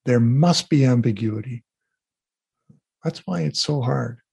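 A man being interviewed as an energy healer, telling animated stories and acting out what people said. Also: medium pitch, a little slow, creaky, husky. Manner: animated storyteller, acts out quotes. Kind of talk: casual interview talk.

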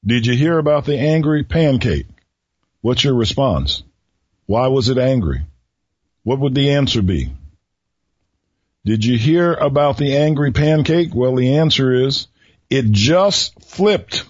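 A man hosting a radio talk show who tells riddles to his listeners slowly, repeating each one and pausing before the answer, with a folksy manner. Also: medium pitch, lively intonation, darkish tone, breathy edge, dry recording. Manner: folksy, chuckles at his own jokes. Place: radio studio. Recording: dull lo-fi radio recording.

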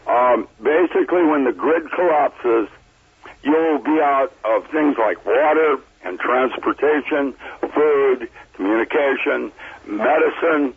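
A man's voice: medium pitch, slow pace, slightly rough. A man speaking as a guest on a call-in interview, stating his views bluntly and matter-of-factly. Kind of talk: phoned-in interview talk. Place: calling in remotely. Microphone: phone or computer line. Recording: tinny phone line.

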